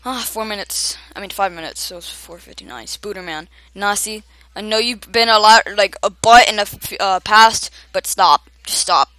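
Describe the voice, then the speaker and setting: A young woman giving excited gameplay commentary, often shouting at other players and laughing. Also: mid-range voice, moderate pace. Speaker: gamer.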